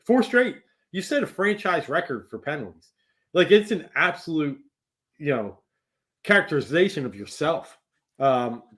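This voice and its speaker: A man's voice: on the high side, a bit bright. A man, co-hosting a casual sports podcast. He rants in frustration in a slightly raised voice. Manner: frustrated, ranting. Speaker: podcast co-host.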